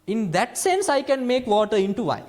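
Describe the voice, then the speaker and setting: A Sri man, a Buddhist monk giving a lively dharma talk to a small group, moving between hushed and emphatic phrasing with playful laughter. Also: very high voice, moderate pace. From Sri Lanka. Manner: lively teaching, swings between soft and emphatic.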